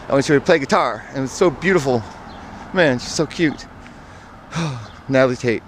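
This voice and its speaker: Man, mid-pitched, casual storyteller, rambling and self-correcting; outdoor take with clear traffic noise. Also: fairly quick. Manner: meandering, self-correcting, trails off into asides. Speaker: vlogger telling personal stories.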